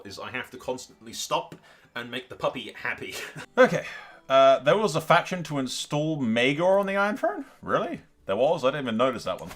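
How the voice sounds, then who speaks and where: A man playing a strategy game at home, chatting casually to his viewers, laughing and talking to the characters on screen. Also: medium pitch. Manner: animated, talks to the game characters, laughs often. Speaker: gaming YouTuber. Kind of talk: casual let's-play commentary.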